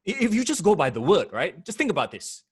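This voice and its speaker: A man's voice: sits high, big pitch swings, fast, husky. A man co-hosting a podcast, emphatic and preachy in casual discussion. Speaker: podcast co-host and radio broadcaster.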